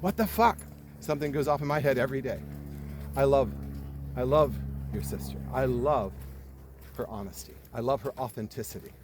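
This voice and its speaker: Animated man telling a story. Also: medium pitch, noisy background. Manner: animated retelling, swears freely, quick jumps in loudness. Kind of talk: storytelling in casual conversation.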